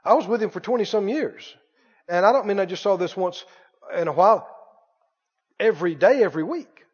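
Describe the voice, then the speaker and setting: A man preaching a sermon as pastor, emphatic and repetitive, swinging between loud bursts and quiet asides. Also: high-pitched, animated, brisk, husky. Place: church sanctuary. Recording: muffled church recording with long reverb.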